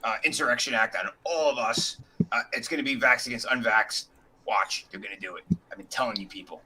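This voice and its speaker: Deadpan man with a bright mid voice. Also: medium pitch, a little fast, slightly rough, low-quality recording. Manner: deadpan sarcastic joking. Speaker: podcast co-host. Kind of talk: casual group chat.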